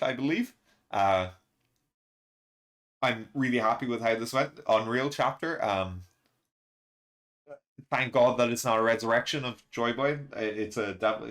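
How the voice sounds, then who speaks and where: A man hosting a casual reaction and review, excitable and rambling, laughing often between fillers. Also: lowish voice. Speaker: manga reaction channel host.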